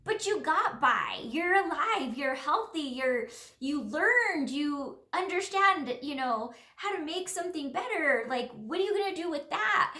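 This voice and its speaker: Earnest, rambling woman healer with a bright, tense voice, recorded in a roomy space. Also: high-pitched, expressive, a little slow. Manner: rambling, earnest, many fillers. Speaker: spiritual healer. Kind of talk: casual reflective monologue. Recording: roomy echo.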